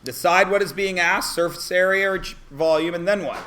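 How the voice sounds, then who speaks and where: A man's voice: sits high, fairly quick, bright, forceful tone, a little hiss or hum. A man teaching a math class, asking the students questions and often answering them himself. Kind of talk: classroom lesson.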